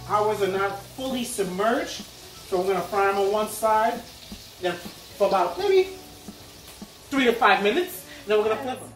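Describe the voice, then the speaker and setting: A man's voice: high voice, lively intonation, moderate pace, long pauses. A man hosting a casual cooking video, chatty and teasing as he walks through the frying steps. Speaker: cooking show host. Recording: echoey room, mic at a distance, faint music.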